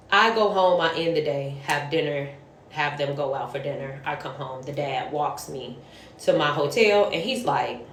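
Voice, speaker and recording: A woman's voice: sits low, slight background noise. A woman telling a casual story about her work as a nanny, blunt and profane, sounding exasperated. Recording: roomy echo.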